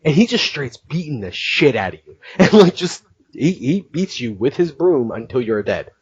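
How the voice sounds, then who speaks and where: Guy hosting a podcast, bouncy animated voice, keeps laughing, dullish lo-fi audio. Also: medium pitch, moderate pace, breathy edge, dry recording. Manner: animated storyteller who laughs often. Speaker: podcast host. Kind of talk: casual podcast chat.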